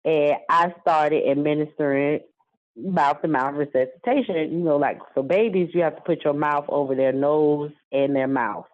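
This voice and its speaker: A woman's voice: deep voice, moderate pace. A woman telling a personal story in conversation, rambling, repeating herself and using many fillers. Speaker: guest. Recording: dull lo-fi sound.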